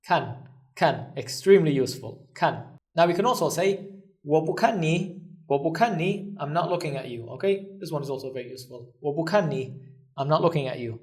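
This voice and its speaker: A man teaching a recorded language lesson, patiently repeating each phrase slowly and then translating it. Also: a little high, a little mellow, distant mic.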